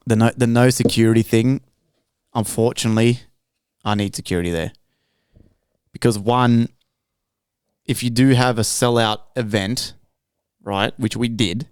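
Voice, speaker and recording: A man's voice: mid-range voice, a little mellow, clear, resonant tone, no room sound, studio quality. A man hosting a podcast, telling stories in a blunt, swearing, casual way. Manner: blunt, profane storytelling. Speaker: podcast host.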